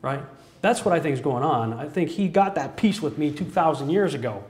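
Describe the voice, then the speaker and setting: A man's voice: on the high side, animated, fairly quick, a little mellow. A man giving an earnest personal testimony as a sermon, telling his story with frequent chuckles. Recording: echoey room.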